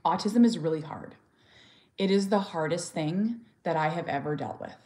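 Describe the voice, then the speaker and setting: A woman's voice: on the low side, moderate pace, mellow. A woman speaking candidly in a personal vlog as a mother and author, earnest and heartfelt, often restarting her sentences and sometimes blunt. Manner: talks openly and directly, sometimes blunt.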